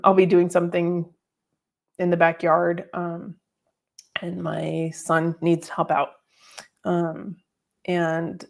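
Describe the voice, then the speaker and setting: A middle-aged woman hosting a podcast, telling a personal story in a reflective, unhurried way with many fillers. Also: fairly low pitch. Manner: reflective, tearful at times, with fillers. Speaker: podcast host.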